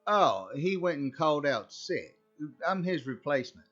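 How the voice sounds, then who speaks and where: A man voicing a big, goofy male pilot who talks in a put-on Southern drawl, loud and overeager. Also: fairly high pitch, big pitch swings, normal speed. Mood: folksy. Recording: slightly dull recording, faint music.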